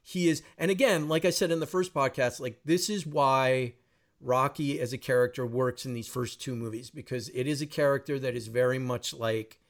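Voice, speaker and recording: A man's voice: mid-range voice, fairly even intonation, moderate pace. Rambling, self-deprecating male podcast host. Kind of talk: casual film-discussion podcast chat.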